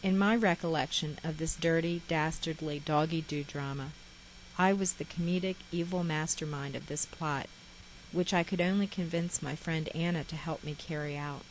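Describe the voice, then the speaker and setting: A woman reading her own memoir aloud in a measured, reflective way. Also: low-pitched, steady tone, a little hiss or hum, poor audio. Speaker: memoir author.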